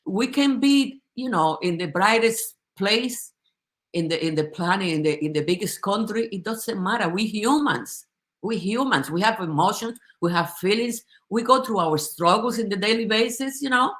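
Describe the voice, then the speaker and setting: In a group conversation, a woman who supports the company gives a heartfelt, impassioned testimony. Her medium-pitched, slightly bright voice is animated and moves at a normal speed, and her emotion often makes her restart sentences.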